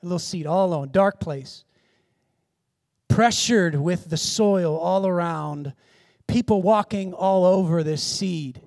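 A man's voice: high voice, slow pace, vocal fry, a little mellow, no echo, clean studio sound. A man preaching a sermon as pastor, in an impassioned, repetitive way.

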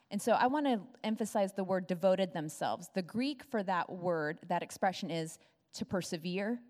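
A woman's voice: mid-range voice, darkish tone. Woman preaching in an echoing hall. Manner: structured, teaching through scripture. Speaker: pastor. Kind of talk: sermon. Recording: reverberant church hall.

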